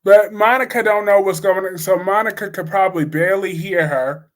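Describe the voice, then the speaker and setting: A man's voice: high-pitched, a little fast. A man giving blunt, opinionated soap opera commentary in a casual live-stream chat, reading and answering viewers' comments. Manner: blunt, opinionated, repetitive emphasis.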